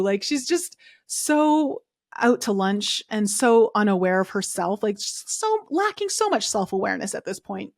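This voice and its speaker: A woman's voice: on the high side, very animated, normal speed, no echo, studio quality. A woman hosting a podcast, recapping a reality show in a casual, chatty way full of fillers and strong opinions. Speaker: podcast host.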